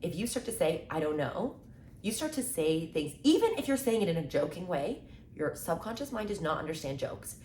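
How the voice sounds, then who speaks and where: Twenties woman chatting motivation at the camera, lowish voice, upbeat, lots of like and right, roomy echo. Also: very animated, dark tone, a little hiss or hum. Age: 20s. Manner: chatty and upbeat, acts out quick quoted exchanges, says "like" and "right?" often. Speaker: mindset content creator. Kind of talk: casual motivational talk to camera. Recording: echoey room with faint ambience.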